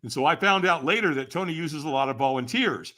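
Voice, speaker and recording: A fast-talking older man with a slightly high, bright, forceful, animated voice tells a story as a podcast guest. He brings it to life by acting out the quoted voices, laughing often along the way.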